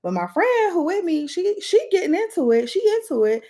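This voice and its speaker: Animated woman telling a storytime. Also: normal speed. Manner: lively, animated retelling with sudden jumps in pitch and volume; doing her makeup while talking. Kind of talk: casual storytime chat.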